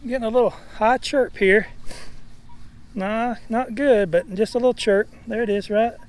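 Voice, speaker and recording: A man's voice: high-pitched, normal speed. A man chatting folksily while metal detecting outdoors, winded and overheated, with lots of fillers. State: out of breath and overheated. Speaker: metal detecting vlogger and preacher. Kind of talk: casual outdoor vlog narration. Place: outdoors in a church back lot. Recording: faint outdoor background noise.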